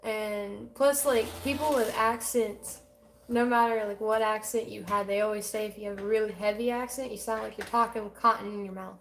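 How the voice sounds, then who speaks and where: A woman's voice: medium pitch, steady tone, moderate pace, a little hiss or hum. A woman in her twenties co-hosting a casual livestream, reading viewer comments aloud in a loose, chatty way. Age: 20s. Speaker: livestream co-host reading chat.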